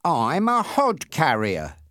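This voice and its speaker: A man doing an excitable rat-faced hitchhiker. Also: slow, dry recording, studio quality, exaggerated voice. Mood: defensive. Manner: high, excited cheering and shouting. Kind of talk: audiobook character reading.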